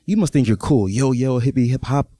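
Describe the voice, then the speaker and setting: A man's voice: medium pitch, a little fast, warm tone, no echo, natural voice. A man voicing a condescending woman passenger in a live story, scolding a stranger next to her. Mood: scornful. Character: scornful nosy woman airplane passenger.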